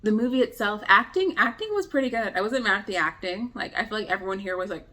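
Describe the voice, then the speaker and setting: A woman's voice: medium pitch, lively intonation, fast talker, bright, forceful tone. A young woman giving a casual review, retelling scenes in a chatty way with lots of "like" fillers. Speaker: book and film reviewer.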